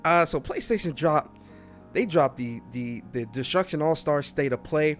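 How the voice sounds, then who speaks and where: Animated man hosting a podcast. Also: a little high, moderate pace, soft background music. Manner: animated, repeats himself, greets chat. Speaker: podcast host. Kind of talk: casual livestream podcast chat.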